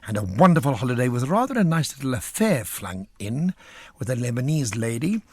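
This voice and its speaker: A man's voice: medium pitch, fairly quick, slightly rough, dry recording. An older man, an actor, telling theatre anecdotes in a flamboyant, theatrical way. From South Africa. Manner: animated, theatrical storyteller with flamboyant asides. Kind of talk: theatrical anecdote in a radio interview.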